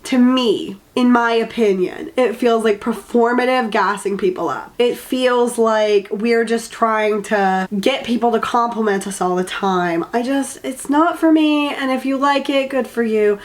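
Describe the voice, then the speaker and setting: A woman's voice: fairly high pitch, unhurried, few pauses. A woman giving a casual rant review of a book, exasperated and sarcastic, swearing freely and trailing off mid-thought.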